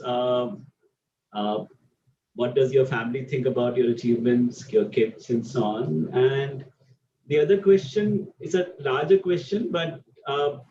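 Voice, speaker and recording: A man's voice: fairly high pitch, dark tone, slight background noise. A man moderating a conversation, asking questions hesitantly with many fillers. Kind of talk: interview questions. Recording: dull, echoey, distant mic.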